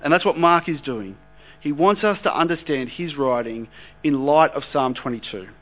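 A man's voice: fairly high pitch, moderate pace. Man preaching over a humming, muffled recording. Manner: reads scripture steadily, then explains conversationally. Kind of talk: sermon with scripture reading. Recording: dull lo-fi recording with mains hum.

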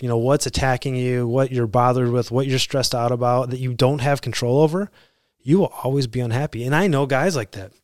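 A man in his thirties talks alone on his podcast, earnest and reflective, his thoughts tumbling out with frequent restarts. His voice sits at an ordinary middle pitch. The sound is dry and close, with no room around it. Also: no echo. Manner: earnest, conversational, self-correcting. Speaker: podcast host.

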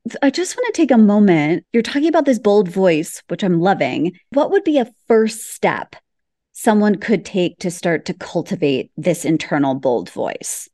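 A woman's voice: medium pitch, big pitch swings, moderate pace, mellow, no echo, clean studio sound. A woman hosting a podcast conversation, reflective, summing up what she heard from her guest. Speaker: podcast host.

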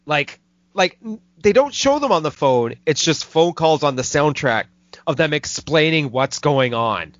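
A man hosting a podcast, talking casually and with some swearing as he retells a movie, slipping into quick mocking voices. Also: fairly high pitch, animated, dry recording. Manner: loose and profane, drops quick mocking impressions into his retelling. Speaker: podcast host reviewing a movie. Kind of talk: casual chat. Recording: dull, dry lo-fi podcast audio.

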